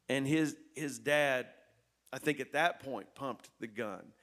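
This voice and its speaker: Man, pastor, sermon storytelling, earnest, repetitive, swings soft to loud. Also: on the high side, moderate pace.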